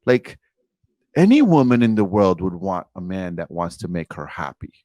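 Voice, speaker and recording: A man's voice: sits low, sing-song, moderate pace, mellow, dry recording. A man in his forties, a podcast guest, telling a personal story in an earnest, emphatic way and speaking directly to the host. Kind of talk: candid storytelling interview.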